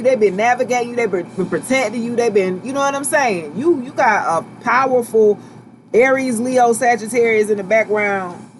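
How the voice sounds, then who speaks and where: A woman giving a casual tarot reading to her viewers, relaxed and reassuring, often checking in with "okay?" and "right?" and repeating herself as she talks. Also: on the high side, slight background noise. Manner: loose, chatty, repeats and restarts phrases. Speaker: tarot reader.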